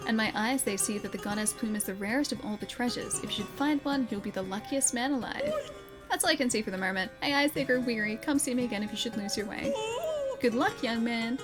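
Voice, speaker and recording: A woman's voice: on the high side, fast talker, over music, lightly acted. A woman with an Australian accent reading the lines of a goofy older male fortune teller from a game, with theatrical, mystical phrasing.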